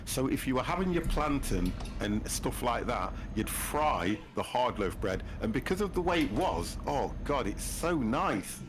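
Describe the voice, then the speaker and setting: Chatting casually while he games, a UK man in his fifties teases and laughs a lot as host of the stream. He speaks at normal speed with few pauses, in a medium-pitched, sing-song voice, over noisy game-stream audio.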